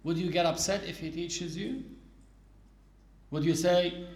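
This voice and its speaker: A man with a high, light voice gives a religious lesson. He explains patiently, walking through example after example. The sound rings in a roomy, echoing space. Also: measured pace, pauses often, a little mellow. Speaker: religious teacher. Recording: echoey room.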